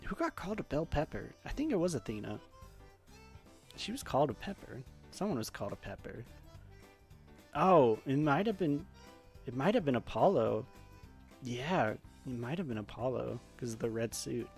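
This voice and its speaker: A young man chats his way through a detective game, reading the lines aloud and laughing at his own slips. His voice is gravelly, at a mid pitch, with faint music in the background. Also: sing-song, normal speed, pauses often, a little mellow. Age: young adult. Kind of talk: casual game playthrough, reading dialogue.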